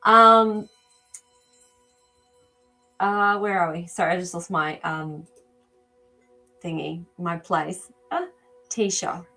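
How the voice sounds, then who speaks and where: Hesitant, chatty woman with a lowish voice. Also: fairly even intonation, slow pace, long pauses, bright, forceful tone, faint music behind. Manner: hesitant, searching for words with frequent ums; responds to viewers' live comments. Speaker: animal communicator hosting a live show. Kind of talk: live-stream reading, casual chat.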